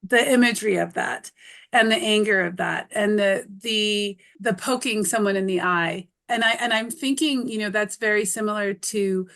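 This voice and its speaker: North american woman host, mid pitch, thinking out loud, lots of restarts. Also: moderate pace, vocal fry. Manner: reflective, searching for words, many restarts. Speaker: interviewer, co-host. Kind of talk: thoughtful interview question.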